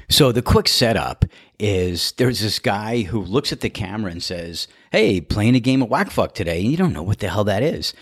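A man's voice: on the low side, no echo, studio quality. A man hosting a podcast, casually telling anecdotes and laughing often as he goes. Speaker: podcast host. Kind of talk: casual storytelling monologue.

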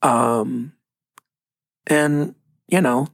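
A man's voice: mid-range voice, drawn-out words, gravelly, dry recording, studio quality. A middle-aged man with a Texan accent, a pastor telling stories in a casual podcast chat and acting out the other people's lines. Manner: storytelling, acts out quoted voices.

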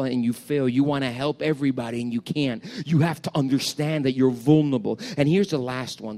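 A man preaching a sermon as pastor, pleading with the congregation in impassioned calls. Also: mid-range voice. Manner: impassioned preaching, rising to shouts. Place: church sanctuary with screens. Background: guitar music.

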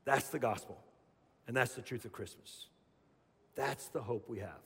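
A middle-aged man preaching a sermon as pastor, telling stories in an animated way and acting out voices. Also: mid-range voice, normal speed, gravelly, breathy edge, big-room sound. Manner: animated storyteller, acts out voices.

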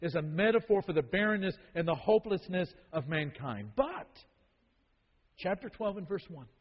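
A man's voice: sits high, expressive, normal speed, breathy edge. A man teaching a Bible study in a sermon style, emphatic and repeating key phrases for weight. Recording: dull lo-fi sound with long hall reverb.

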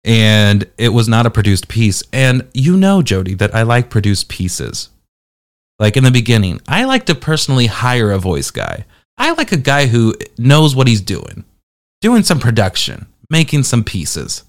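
A man's voice: mid-range voice, very animated, measured pace. A man hosting a podcast review show, chatting casually in a sarcastic, teasing way. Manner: sarcastic, teasing, jumpy delivery.

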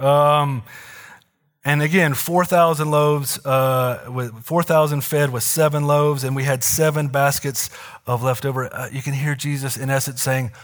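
Guy in his 30s preaching a sermon, chatty and relaxed, lots of "right?" asides, middle-pitched voice. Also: normal speed. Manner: conversational preaching with fillers and asides. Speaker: pastor.

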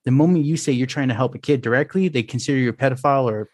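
A man hosting a casual podcast, speaking in a hesitant, halting way and often stopping to restart his sentences. His voice sits at an ordinary pitch. The sound is dry and close, with no room around it. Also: no room sound. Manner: hesitant, many fillers and restarts, self-described introvert. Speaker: podcast host.

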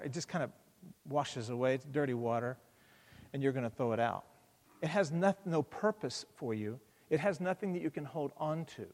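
A man preaching a sermon and leading a prayer, earnest, with frequent fillers and restarts, growing louder on key points. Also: sits high, in a large hall. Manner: earnest, repeats words, many fillers and restarts. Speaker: pastor.

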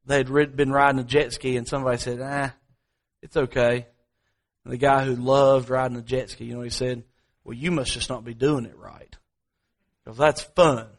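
A male pastor preaching a sermon, slow and emphatic, repeating key phrases. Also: medium pitch, fairly bright tone.

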